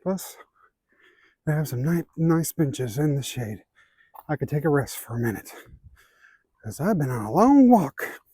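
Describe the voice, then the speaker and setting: A man's voice: on the high side, sing-song, unhurried, long pauses, warm tone, husky, no room sound. Male hiking vlogger, Ozark accent, casual and breathless, dry close sound. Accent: Ozark Southern American. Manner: chatty, easygoing, talks to viewers while walking. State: out of breath from climbing. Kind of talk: casual walking vlog. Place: outdoors on a wooded trail. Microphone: handheld camera.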